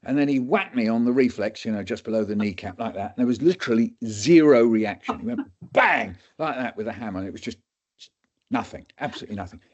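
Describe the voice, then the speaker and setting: Brief: older man in his seventies, chatty storyteller, mid-pitched, muffled lo-fi audio. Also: animated, fast. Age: 70s. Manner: chatty, self-deprecating, laughs often. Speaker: guest speaker. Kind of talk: humorous storytelling talk. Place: webinar recording. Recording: dull lo-fi audio.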